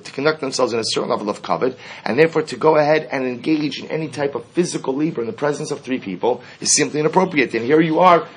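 A man's voice: a little high, husky. A man teaching a Talmud class, explaining each line and asking rhetorical questions as he goes.

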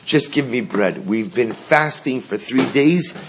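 A man voicing a humble, starving poor man who quietly but firmly refuses money. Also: medium pitch, animated, unhurried, husky. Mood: pleading. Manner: quiet, pleading but firm.

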